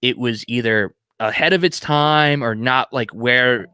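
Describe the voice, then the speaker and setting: A man's voice: medium pitch, unhurried, pushed and bright, smooth, no room sound, clean studio sound. A man co-hosting a music podcast, chatting eagerly with many "like"s. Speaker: podcast co-host. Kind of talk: casual music podcast chat.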